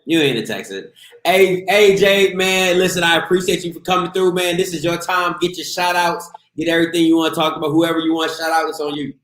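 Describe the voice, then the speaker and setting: A man's voice: a little high, brisk, fairly bright tone. A man hosting a casual live interview show, hyped and slangy, talking straight to his viewers. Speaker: show host. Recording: echoey room.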